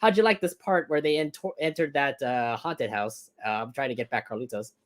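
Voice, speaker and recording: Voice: mid-range voice, brisk. Rambling cartoon fan co-host. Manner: rambling, asks the other host questions. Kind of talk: casual episode review chat.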